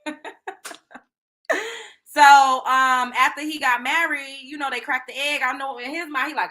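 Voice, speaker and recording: Animated, slangy woman host. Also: high voice, measured pace, pauses often. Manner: slangy, animated, laughing asides. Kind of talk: casual celebrity gossip commentary.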